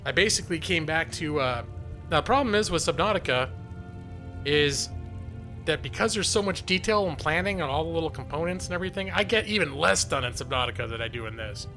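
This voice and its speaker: A man's voice: a little high, animated, brisk, bright, forceful tone, soft background music. A man streaming a video game live, chatting casually in a jokey, self-mocking way and laughing often. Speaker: gaming streamer and lawyer.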